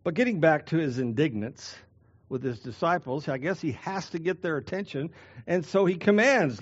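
A man preaching a sermon as pastor, slowing down to stress key words. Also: fairly high pitch, animated, lo-fi sound.

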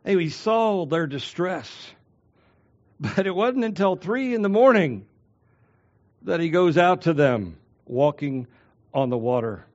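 A man preaching a sermon as a pastor, swinging between loud declarations and hushed, drawn-out phrases. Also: high-pitched, dull audio.

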